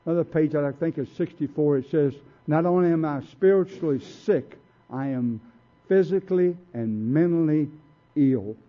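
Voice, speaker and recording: An older man speaking at a recovery meeting, telling his own story in a blunt, folksy way. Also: mid-range voice. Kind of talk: personal recovery testimony. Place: meeting room. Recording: tinny lo-fi tape recording.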